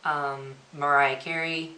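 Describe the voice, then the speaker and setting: Young woman vlogger doing a q&a tag, low pitched but bright, kinda echoey room. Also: level tone, slow. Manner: chatty, reads questions aloud then answers offhand. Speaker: beauty vlogger. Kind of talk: casual Q&A tag video.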